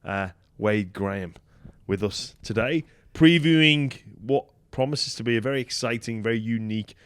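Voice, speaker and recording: A man of ordinary pitch hosting a relaxed podcast, with a loose, joking way of talking and casual swearing. His voice sits close and dry, with no room sound around it. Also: moderate pace, clear, resonant tone, no room sound. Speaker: podcast host. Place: hotel in Las Vegas.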